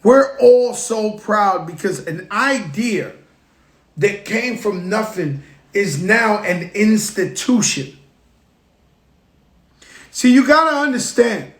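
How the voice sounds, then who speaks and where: A man from the Bronx with a New York accent, talking in an emphatic, animated way as he tells stories on a casual live stream. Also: high-pitched, reverberant. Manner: emphatic, animated storytelling with call-outs to viewers. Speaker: rapper speaking on a live stream. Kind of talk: casual motivational monologue.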